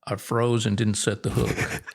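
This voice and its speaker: A middle-aged man, a guest angler, telling fishing stories in a relaxed, rambling way with restarts. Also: fairly low pitch, a little slow, gravelly. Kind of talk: casual storytelling.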